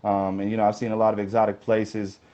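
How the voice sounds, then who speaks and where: A man's voice: lowish voice, flat delivery, fast, mellow. A man as an interview guest, telling long casual stories in a rambling way and filling gaps with "you know". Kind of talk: casual storytelling. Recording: slightly dull lo-fi sound.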